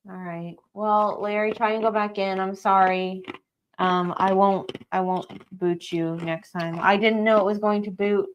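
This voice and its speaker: A woman's voice: medium pitch, fairly even intonation, a little slow, dull audio, a little hiss or hum. A woman co-hosting a trivia livestream, running the game and reading out what players say in casual chat. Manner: reads out players' comments and fusses with the game screen.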